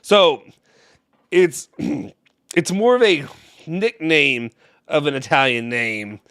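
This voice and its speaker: A man's voice: on the high side, big pitch swings, slow, fairly bright tone, clear, resonant tone, dry recording, studio quality. A young man co-hosting a fan live stream, joking and teasing with a laugh in casual chat. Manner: playful, laughs often, teasing.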